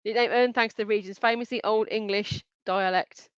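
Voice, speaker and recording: Chatty mids lady running a quiz stream, smooth clear voice, bit lo-fi and dry. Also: medium pitch, fairly even intonation, fairly quick, no room sound. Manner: chatty, reads out answer options and names, giggles often. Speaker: quiz host. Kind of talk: live online quiz hosting.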